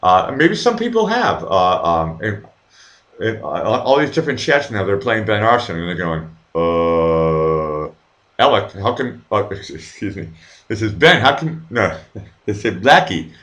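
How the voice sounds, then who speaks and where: A man's voice: lowish voice, very animated, normal speed, fairly bright tone, muffled recording. A middle-aged man hosting a live stream, rambling casually, swearing freely and reading viewers' chat aloud with many fillers and restarts. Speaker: livestream host.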